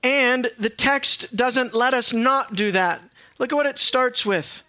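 A man preaching a sermon in a church, emphatic and questioning his listeners, sometimes dropping to a quiet, low tone. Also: slow, hardly any pauses, clear, resonant tone, dry recording. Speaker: pastor. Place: church sanctuary.

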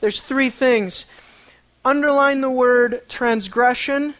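Lively preacher with dry, close sound. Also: medium pitch, slow pace, no echo. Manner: lively and conversational, often asking the listeners questions; tells the story with dramatic swings between quiet and excited. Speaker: preacher teaching a Bible passage. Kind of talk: conversational sermon.

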